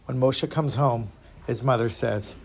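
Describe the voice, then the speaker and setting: A man telling a story to a group of children, expressive, with dramatic pauses. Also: mid-range voice, breathy edge.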